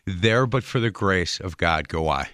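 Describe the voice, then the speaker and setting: Bright-toned, low-voiced male radio host. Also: expressive, measured pace, clear, resonant tone, no room sound, studio quality. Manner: affirming, conversational. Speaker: radio talk show host. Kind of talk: talk radio interview.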